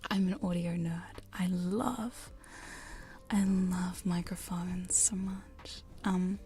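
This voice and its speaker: A woman chatting in a soft, giggly whisper on a live hypnosis ASMR stream, close to studio mics in her home studio. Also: lowish voice, steady tone, slow. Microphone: studio condenser and binaural mics.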